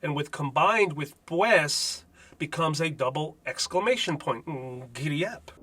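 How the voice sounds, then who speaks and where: Native spanish speaker guy hosting a jokey language lesson, bright and kinda husky. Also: a little high, animated, a little slow. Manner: jokey, wry asides. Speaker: host.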